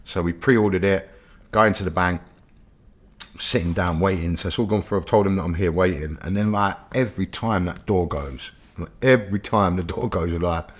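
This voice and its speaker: Deep voiced british guy telling a story, chatty, lots of fillers. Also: moderate pace. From Britain. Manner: chatty, many fillers, checks in with the listener. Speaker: interview guest telling his own story. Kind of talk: casual storytelling.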